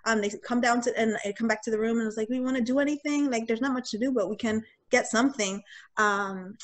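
A young woman telling a personal story in casual talk, candid and animated, acting out what people said. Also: a little high, quick pace. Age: young adult. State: getting choked up. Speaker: guest sharing a personal story.

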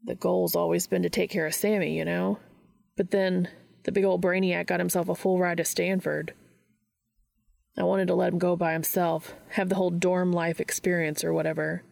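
A woman's voice: lowish voice, level tone, moderate pace, vocal fry, darkish tone. A woman voicing a guarded young man who jokes and teases, in a storybook reading. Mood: wistful. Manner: sarcastic, teasing. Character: wry young adult man, guarded and joking.

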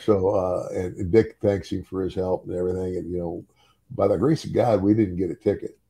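Low gravelly older man telling stories. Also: steady tone, a little fast, warm tone. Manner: chuckles through his story, repeats words as he goes. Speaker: former professional wrestler. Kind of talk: casual storytelling.

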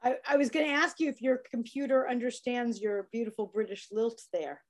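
This is an American woman from New York hosting an interview. Her voice sits high for a woman. She chats casually and encourages her guest. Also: brisk. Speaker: interview host.

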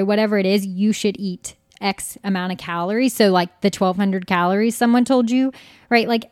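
A woman's voice: mid-range voice, darkish tone, no room sound. Earnest woman dietitian, dry close sound. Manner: earnest, emphatic, explains with lots of likes. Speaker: dietitian guest. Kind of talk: casual interview chat.

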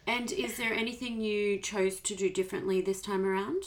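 A woman interviewing a guest, asking short questions between warm reactions. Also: mid-range voice, fairly even intonation, moderate pace. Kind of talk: podcast interview.

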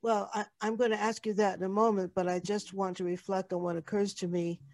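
A woman's voice: medium pitch, level tone, fairly quick, darkish tone. A woman hosting an interview who also coaches clients, reflective and a little hesitant as she responds. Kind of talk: conversational interview.

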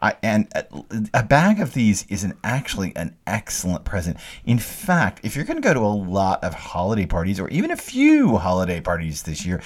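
A man's voice: fairly low pitch, wildly swooping pitch, brisk, hardly any pauses. A man co-hosting a casual food talk show, chatty and enthusiastic, often laughing. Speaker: co-host. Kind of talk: casual food-gift chat.

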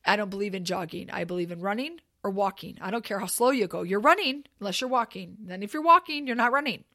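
A woman telling a funny personal story in a casual monologue, swearing freely and acting out the things people yelled. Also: medium pitch, fast talker, no echo, clean studio sound. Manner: animated, swears freely, acts out yelled quotes. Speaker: storyteller host.

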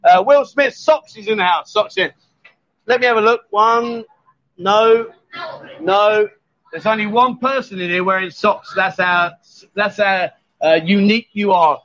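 A man's voice: high-pitched, unhurried, fairly bright tone, dull audio. A man hosting a casual live-stream chat, teasing his co-host and laughing often.

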